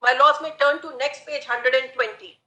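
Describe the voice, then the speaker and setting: A woman advocate argues formally before the bench, addressing it with set courtroom phrases. Her voice is high, bright and clear. It rings in a roomy courtroom. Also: steady tone, moderate pace, muffled recording. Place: large courtroom.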